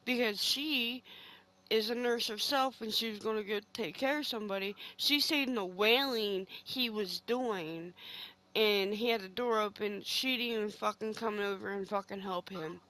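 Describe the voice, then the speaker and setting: A woman's voice: mid-range voice, moderate pace, bright, forceful tone, rough recording. A middle-aged woman streaming a game from her home game room, telling a long story in a heated, profane, rambling way. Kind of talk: casual storytelling chat while gaming.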